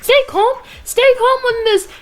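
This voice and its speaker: A woman reading game lines and chatting in an excitable, giggly, exclamatory way. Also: very high-pitched, a little slow. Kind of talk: casual dub reading with chat.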